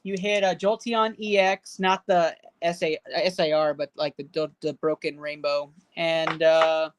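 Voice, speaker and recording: Opening packs on her live stream, this woman reads out running totals of the card values while bantering and cheering with the chat. Her low voice runs at a normal speed with few pauses, and the tone is casual.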